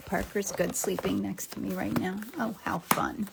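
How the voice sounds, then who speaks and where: A woman's voice: medium pitch, fairly even intonation, moderate pace, vocal fry, heavy background noise. A woman in her fifties hosting a live painting demo, thinking aloud as she works, greeting viewers by name and sometimes dropping to a near whisper. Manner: drops to a near whisper at times while working. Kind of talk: casual live-stream chat while painting.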